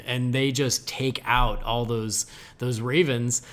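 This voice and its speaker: A man co-hosting a podcast in casual chat, enthusiastically recounting scenes and giving quick agreement. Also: mid-range voice, level tone, a bit bright. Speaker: podcast co-host.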